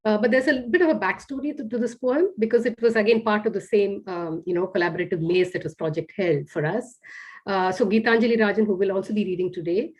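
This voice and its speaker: Breathy woman reading her poetry slowly. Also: medium pitch, darkish tone. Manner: slow, measured reading of poems, hesitant fillers between. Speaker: poet reading her work. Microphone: video call.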